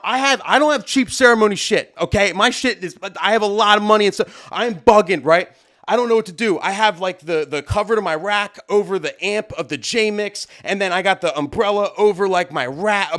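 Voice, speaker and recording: A man hosting a live stream, telling a story in a casual, animated way with lots of fillers. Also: high-pitched. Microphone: studio mic at a desk.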